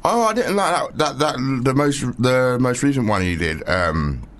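A man's voice: mid-range voice, lively intonation, moderate pace, a bit bright, slight background noise. A young man, co-hosting a radio show in casual, joking banter, rambling and full of slang. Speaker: radio co-host.

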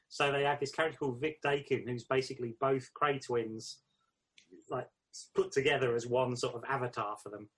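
A man co-hosting a casual chat, relaxed and hedging, full of "sort of" and "like". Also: mid-range voice, slightly rough. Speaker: podcast co-host.

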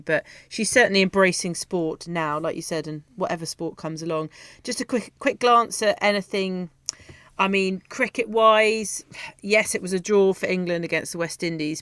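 A woman's voice: lowish voice, no room sound. A woman co-hosting a sports show, chatting casually through the news with frequent ums and easy laughter.

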